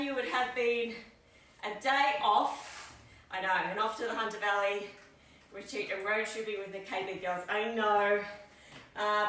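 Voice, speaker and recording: An upbeat woman leads a weights workout, counting reps and cueing each breath. Her voice is very bright and sits fairly high. She sounds a bit away from the mic, in a room with a strong echo. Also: a little hiss or hum. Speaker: fitness instructor. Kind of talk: live workout coaching. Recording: echoey room, mic at a distance.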